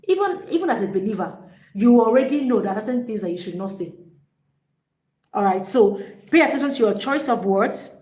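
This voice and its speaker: A woman's voice: a little high, expressive, fairly quick, darkish tone. Emphatic woman coach in a roomy space. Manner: emphatic, repeats key phrases, addresses viewers directly. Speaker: life coach. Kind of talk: live coaching talk to single women. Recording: roomy echo.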